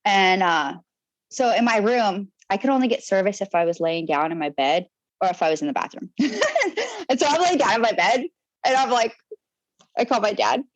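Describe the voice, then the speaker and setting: A woman's voice: mid-range voice, lively intonation, normal speed, dry recording, rough recording. A young woman who served in the Navy, telling her own story on a podcast in a blunt, profanity-heavy way, rambling with restarts. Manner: rambling with restarts and trailing fillers. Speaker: podcast guest, Navy sailor. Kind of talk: candid personal storytelling.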